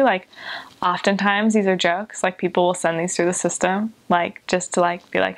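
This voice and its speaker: A young woman, a former missionary, telling a story casually with lots of "like", jumping into high voices when she quotes people. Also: fairly quick. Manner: animated, lots of filler "like", jumps into high voices when quoting.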